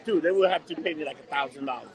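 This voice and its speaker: A man's voice: fairly high pitch, racing, rough recording. A man co-hosting a podcast in casual chat, loose and opinionated, saying "dude" a lot. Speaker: podcast co-host.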